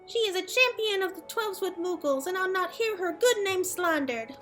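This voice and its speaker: A woman voicing an indignant little Moogle ambassador in a game, in a squeaky put-on voice. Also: lively intonation, normal speed, fairly bright tone, soft background music.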